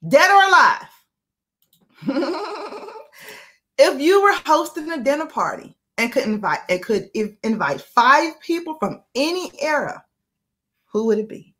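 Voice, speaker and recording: A woman from Atlanta, speaking with a Southern accent, hosts a casual interview. Her voice sits a little high and swings widely in pitch. She talks in a playful way, drawing words out and laughing often. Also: very animated, a little slow, long pauses, fairly bright tone. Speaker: host.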